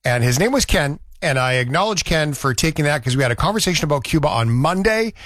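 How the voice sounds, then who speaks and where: A man's voice: on the high side, animated, quick pace, fairly bright tone, dry recording. A man from Canada hosting a radio show, chatting in a rambling, conversational way. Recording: dry studio sound.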